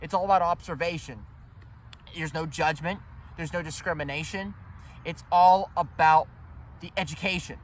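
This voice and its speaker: A man giving an emphatic, rambling history talk to viewers while standing outdoors in a cemetery, calling them ladies and gentlemen. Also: a little high, normal speed, long pauses. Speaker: history vlogger. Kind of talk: walk-and-talk history vlog.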